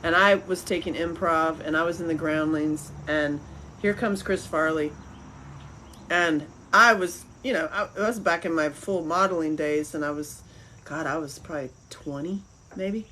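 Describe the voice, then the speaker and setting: A woman's voice: deep voice, moderate pace, a little hiss or hum. Chatty middle-aged woman telling stories. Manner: rambling, animated storytelling with laughs. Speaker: podcast host. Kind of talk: casual chat.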